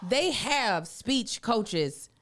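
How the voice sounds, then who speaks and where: A woman's voice: fairly high pitch, expressive, extremely slow, faint music behind. A woman co-hosting a casual talk show, explaining things precisely as a trained speaker. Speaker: co-host. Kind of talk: casual chat.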